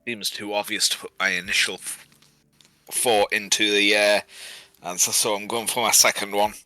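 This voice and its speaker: A man's voice: fairly low pitch, flat delivery, normal speed, sharp tone, no echo, faint music behind. A man playing in a quiz, chatting casually with dry, self-deprecating humor. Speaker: quiz player. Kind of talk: casual chat during a quiz.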